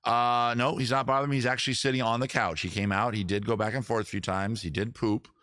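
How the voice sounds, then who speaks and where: A man's voice: mid-range voice, fairly even intonation, fast talker, fairly bright tone, dry recording, clean studio sound. A man hosting a casual live stream, chatting and reading viewer comments aloud from his rolling chair at home.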